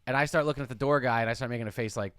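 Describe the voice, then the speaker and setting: A young man co-hosting a comedy podcast, telling an animated story in a casual chat. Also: mid-range voice, very fast, clear, resonant tone, no room sound, clean studio sound. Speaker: podcast co-host.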